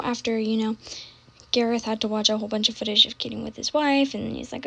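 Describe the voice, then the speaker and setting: A young woman in casual, scattered chat, often trailing off, restarting and dropping to soft asides. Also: fairly high pitch, steady tone, moderate pace, creaky, background noise. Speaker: book vlogger. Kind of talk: casual rambling chat while gaming.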